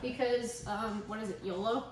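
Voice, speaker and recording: A woman's voice: mid-range voice, steady tone, moderate pace, roomy sound, noisy background. A woman hosting a casual cooking vlog from her home kitchen, joking around and filling her talk with "like". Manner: chatty, joking, lots of "like" fillers.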